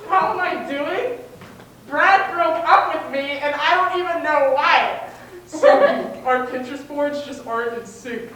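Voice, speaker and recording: A woman's voice: high-pitched, measured pace, fairly bright tone. A woman playing a heartbroken young woman who was just dumped, whiny and self-pitying, in a live sketch. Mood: rambling. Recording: echoey stage from far off.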